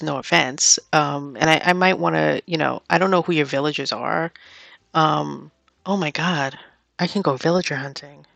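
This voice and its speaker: A young adult woman streaming a cozy game, chatting casually and getting excitable as she plays. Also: deep voice, gravelly, no room sound. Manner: chatty, excitable, bursts into squeals and whispers. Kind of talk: casual gameplay commentary.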